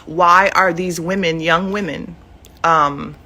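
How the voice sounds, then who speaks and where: Husky, low-voiced middle-aged woman, emotional. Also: fairly even intonation, takes it slowly, pushed and bright. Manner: emotional, heated and rambling with many fillers. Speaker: mother speaking out publicly. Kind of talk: emotional direct-to-camera statement. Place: her own living room, indoors. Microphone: self-recorded camera video.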